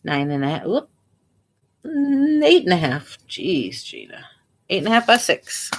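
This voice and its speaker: A Midwestern woman who resells online and vlogs chats casually while working, thinking aloud as she lists items for sale. Her fairly low voice swings hugely in pitch at an unhurried pace, with a little hiss or hum in the recording.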